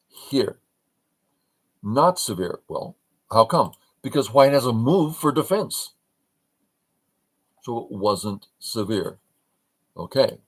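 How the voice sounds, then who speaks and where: An older man teaching a board game review over a livestream, speaking at a slow, unhurried pace in short broken phrases. His voice sits fairly low, and he keeps asking himself questions and then answering them. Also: rough recording.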